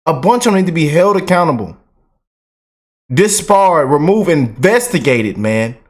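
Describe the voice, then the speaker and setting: A man hosting a reaction channel, talking casually and excitedly to his viewers in fast bursts. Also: on the high side. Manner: excited, animated, talks fast in bursts, drawls slow commands. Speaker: commentary channel host.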